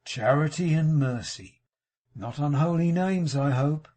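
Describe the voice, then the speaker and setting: A man voicing a sanctimonious, self-pitying middle-aged gentleman in an audiobook, mournful and unctuous. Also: on the high side, a little slow, voice pushed up. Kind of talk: audiobook character reading.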